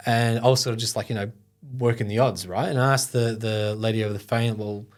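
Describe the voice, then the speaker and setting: A middle-aged man, a foundation founder appearing as an interview guest, recounts a personal story at a quick pace in a steady, mid-range voice. His speech is loose and conversational, packed with fillers, and he sometimes gets choked up.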